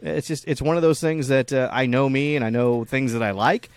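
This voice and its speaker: A man's voice: medium pitch, fairly even intonation, a little fast, smooth, no echo. A man co-hosting a casual chat, rambling and swearing freely, often acting out squealing voices in his stories. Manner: profane, rambling, acts out squealing kid voices. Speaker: podcast co-host.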